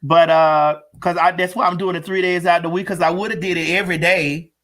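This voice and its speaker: A man hosting a casual live-stream show, talking in a loud, sassy, playful way. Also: high-pitched, steady tone, brisk. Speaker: host.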